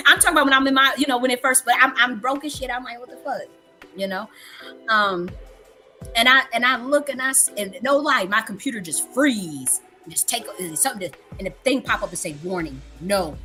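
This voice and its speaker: Speaking in a lowish voice with a sharp tone, a woman in her thirties hosts a casual livestream. She tells a story frankly, cursing frequently and repeating things for emphasis.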